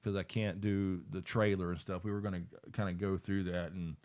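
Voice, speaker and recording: A man's voice: low voice, level tone, a little fast, darkish tone. A man hosting a live stream in casual chat, with a loose, rambling way of talking as he reads out viewers' comments. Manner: laid-back, rambling, reads chat aloud.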